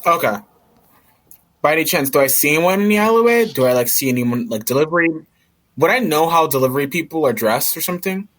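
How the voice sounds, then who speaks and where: A man with a somewhat high voice plays in a tabletop game. He talks in a relaxed, joking way, narrating his character's moves. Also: fast. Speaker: player. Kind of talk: casual tabletop role-play.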